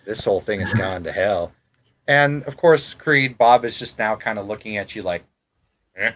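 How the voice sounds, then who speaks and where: A man's voice: lowish voice, normal speed, fairly bright tone, slight background noise, poor audio. A man running a tabletop role-playing game as game master, narrating casually with fillers and restarts.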